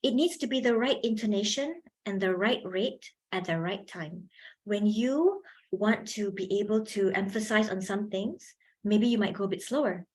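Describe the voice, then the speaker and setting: A woman leading a university workshop on public speaking, talking into a handheld mic with lively energy and frequent laughs. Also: medium pitch, normal speed. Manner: animated, laughs often, chatty fillers. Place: university event hall.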